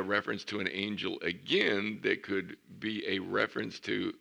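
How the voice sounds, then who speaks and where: A middle-aged pastor preaching in storytelling fashion, his voice very low and heavily gravelly. He pushes toward emphatic points with a bright, forceful edge. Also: normal speed. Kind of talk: sermon.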